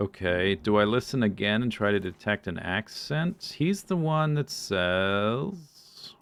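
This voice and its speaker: A man's voice: lowish voice, lively intonation, slow pace, a bit bright, smooth, no echo. A man streaming a puzzle game, thinking aloud and muttering to himself in casual commentary. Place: home streaming setup.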